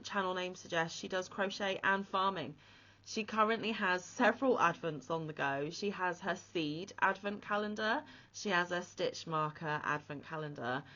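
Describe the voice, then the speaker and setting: A woman's voice: mid-range voice, pushed and bright. A woman hosting a crochet vlog, talking casually and with heartfelt, emotional praise. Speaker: crochet channel host. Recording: slightly muffled lo-fi audio.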